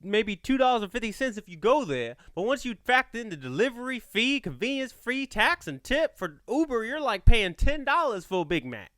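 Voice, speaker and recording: A man's voice: very high voice, very animated, moderate pace, hardly any pauses, fairly bright tone, no room sound, studio quality. A young man, hosting a casual podcast and joking his way through stories with slangy talk. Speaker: podcast host.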